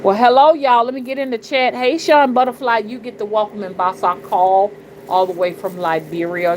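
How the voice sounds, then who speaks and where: A woman's voice: fairly high pitch, moderate pace, dull audio. A middle-aged woman talks bluntly and profanely in a casual livestream, preaching her views and often asking "you understand?". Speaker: spiritual reader and channel host. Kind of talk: casual livestream talk, greeting chat. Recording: noticeable background noise.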